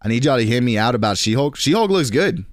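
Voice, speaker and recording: A young man in his twenties chatting casually on a stream, slangy and rambling, with quick restarts. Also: mid-range voice, expressive, no room sound, clean studio sound.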